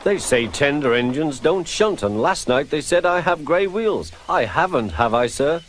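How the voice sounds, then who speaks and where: A man voicing a gentle, polite engine. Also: a little high, animated, normal speed, slight background noise, voice pushed up, natural voice. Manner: polite and mild. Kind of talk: storybook narration with character voices. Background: background music.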